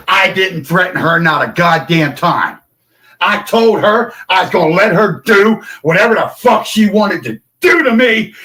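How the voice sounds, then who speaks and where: An older man in an angry, profane livestream rant, confrontational and shouting at times. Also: high voice, slightly rough.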